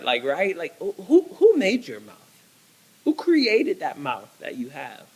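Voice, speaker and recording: Husky high-voiced male pastor. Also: poor audio. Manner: emphatic, repetitive, many restarts. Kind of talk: sermon.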